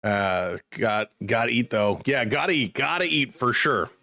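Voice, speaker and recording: A man casually calling football play-by-play on a live stream, chatting excitedly with viewers. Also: medium pitch, unhurried, gravelly, no echo.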